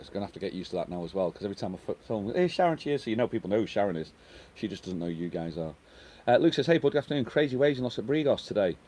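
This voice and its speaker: Fast-talking low-voiced man. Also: a little mellow, a little hiss or hum. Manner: chatty, reads out viewer comments and answers them. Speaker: live-stream host. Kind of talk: casual live-stream chat. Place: outdoors on a home terrace. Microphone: microphone set down at a table.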